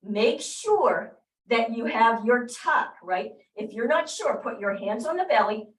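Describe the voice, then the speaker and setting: A woman's voice: on the high side, lively intonation, unhurried. A woman leading a workout class, cueing moves, counting reps and encouraging her group. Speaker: fitness instructor. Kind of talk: live workout class instruction. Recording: roomy, mic far off.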